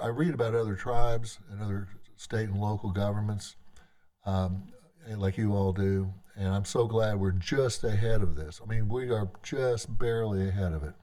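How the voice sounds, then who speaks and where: Low mellow-voiced guy talking to a tribal legislature off the cuff, lots of trailing off and restarting. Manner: halting and conversational, trails off and restarts often. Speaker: tribal government leader addressing its legislature. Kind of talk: unscripted address to a legislative session.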